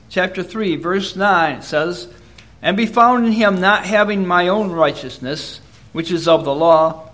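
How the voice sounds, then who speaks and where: Earnest high-voiced male preacher. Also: fairly bright tone. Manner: measured, earnest, reads verses in King James wording. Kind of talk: sermon with scripture reading.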